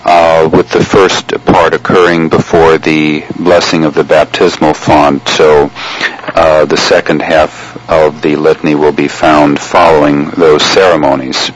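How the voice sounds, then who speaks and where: Male chant instructor, very low voice, slow and measured delivery, pausey. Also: level tone, slight background noise, poor audio. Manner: measured, explanatory, with frequent pauses. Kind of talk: spoken lesson on chant.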